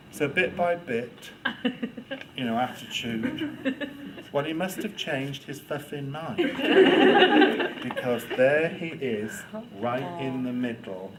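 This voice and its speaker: Animated man, loud noisy recording. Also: mid-range voice. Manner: playful, demonstrative, teasing. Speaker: storyteller leading a workshop. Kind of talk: lively workshop talk to students. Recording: loud background noise.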